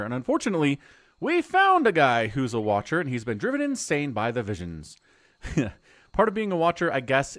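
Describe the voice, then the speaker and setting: A man's voice: a little high, no echo. A middle-aged man streaming a role-playing game, chatting casually and rambling as he explains the story. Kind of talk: casual live-stream commentary.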